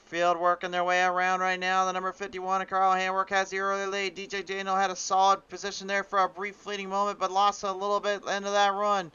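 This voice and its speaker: Male race commentator, fast hype delivery, bright and smooth. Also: high-pitched, monotone, lo-fi sound. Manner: rapid hype announcer reading a long lineup, self-correcting. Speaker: sim racing commentator.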